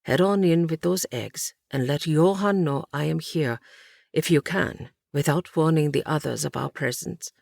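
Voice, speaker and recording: Casting: woman reading a steady protective man, low and unhurried, dry close sound. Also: vocal fry, no echo. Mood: tense. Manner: firm, low-key instructions. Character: steady, protective grown man, calm under pressure.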